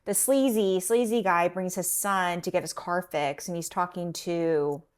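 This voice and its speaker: Woman, podcast co-host, casual chat, animated retelling, quotes in voices. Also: fairly low pitch, unhurried, clean tone. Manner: animated storytelling, acts out quotes.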